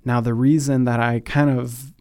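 A man hosting a faith podcast, talking in an earnest, thoughtful way and slowing down on the solemn points. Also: medium pitch, level tone, darkish tone, no room sound, clean studio sound. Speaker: podcast host. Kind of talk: reflective faith podcast talk.

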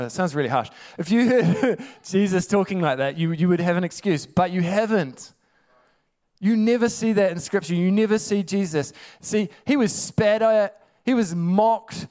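Male preacher, casual sermon, frequent laughter, fairly high voice. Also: darkish tone. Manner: chatty, laughing often, rhetorical asides.

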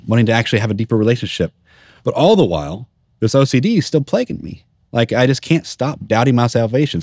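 A man's voice: lowish voice, a little mellow, no echo, studio quality. A man earnestly and candidly telling his personal faith testimony in a church. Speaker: testimony speaker.

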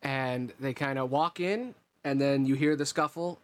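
Speaking at a measured pace with a medium-pitched voice, this game master lays out scenes for his tabletop group in an easygoing, meandering way.

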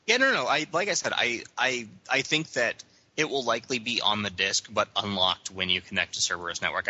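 A young man on a casual gaming podcast who argues his case and keeps cutting in to correct the others. His voice is low-pitched but very bright and cutting. The recording sounds dull and lo-fi. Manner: argumentative, quick to interrupt and correct. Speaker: podcast co-host.

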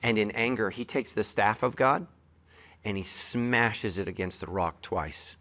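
Male pastor giving a sermon; direct, emphatic, playful delivery with a forceful, bright voice. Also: on the low side, measured pace. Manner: emphatic, joking preacher who talks straight to the congregation.

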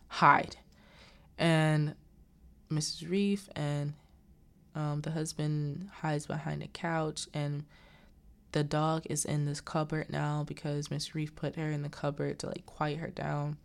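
A woman with a low, gravelly voice recapping a film in a casual, chatty way. She drifts into personal asides and jumps into quick character voices as she retells the scenes. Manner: animated, acts out the characters' lines in quick voices. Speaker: host recapping a movie.

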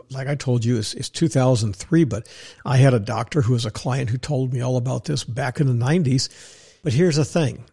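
An older man hosting a podcast, talking bluntly and ranting in a solo monologue, mocking others now and then. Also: slightly rough. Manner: blunt, ranting, animated, mocks others in put-on high voices. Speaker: podcast host. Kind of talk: opinionated solo talk.

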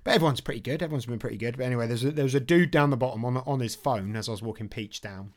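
A man's voice: medium pitch, racing. A man co-hosting a podcast in a chatty, jokey way, laughing often. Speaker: podcast co-host. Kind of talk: casual chat.

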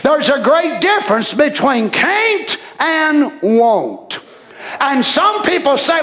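A man preaching a fiery sermon, often shouting and calling out hallelujah. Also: very high voice, sing-song, slow pace. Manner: shouting, exclaiming hallelujah, acting out quoted voices.

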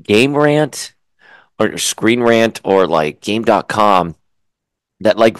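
Low-voiced guy ranting about comics, chatty and opinionated, dry close mic. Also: no echo. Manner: animated and opinionated, with frequent asides and restarts. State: chewing food while talking. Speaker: comic book reviewer. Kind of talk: casual spoken comic review.

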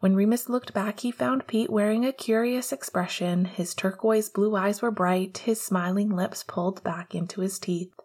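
Husky woman reading a story aloud. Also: mid-range voice. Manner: steady, measured storytelling. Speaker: narrator. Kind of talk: audiobook reading of fan fiction.

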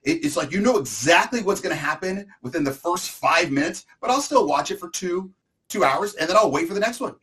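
A man's voice: high-pitched, animated, fairly quick, a bit bright. A middle-aged man co-hosting a casual chat, telling a long comic story with exaggerations and asides. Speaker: co-host.

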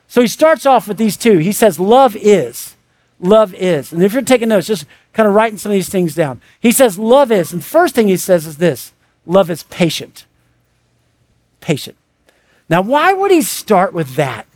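A man delivering a sermon. His voice sits high for a man. He talks to the congregation casually and animatedly, often slipping into short acted-out quotes. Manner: animated, conversational preaching with quick asides and acted-out quotes. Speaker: pastor.

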